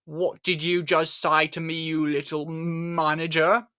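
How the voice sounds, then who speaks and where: A man's voice: a little high, level tone, measured pace, pushed and bright, clean tone, voice pushed up. A man voicing a pompous, boastful male detective in a read-aloud crime story. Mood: blustering. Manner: boastful, blustering.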